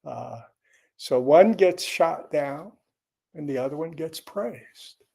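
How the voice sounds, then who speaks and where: A man gives a dharma talk as a Zen teacher, his somewhat high voice carrying a gravelly edge. He talks slowly, in a mellow and unhurried way. His delivery stays conversational, with wry asides. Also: lively intonation.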